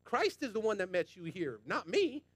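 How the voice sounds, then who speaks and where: Male pastor, high voice, passionate colloquial sermon, dry close sound. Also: big pitch swings, moderate pace, no room sound. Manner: passionate, emphatic preaching with repetition; colloquial, addresses congregation as y'all.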